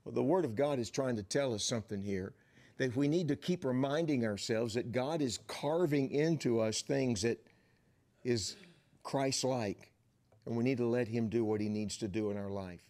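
Middle-aged male pastor, storytelling sermon, mid-pitched, rises in volume for emphasis. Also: normal speed, darkish tone.

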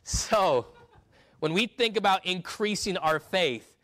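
A male pastor preaching a sermon, emphatic, swinging between loud and hushed delivery. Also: high voice, lively intonation, takes it slowly.

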